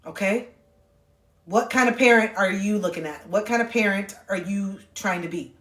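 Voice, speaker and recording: A woman's voice: mid-range voice, normal speed, a bit bright, echoey room. A woman speaking earnestly and from the heart on a phone livestream, swearing casually as she talks. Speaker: livestream host. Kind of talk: candid livestream monologue.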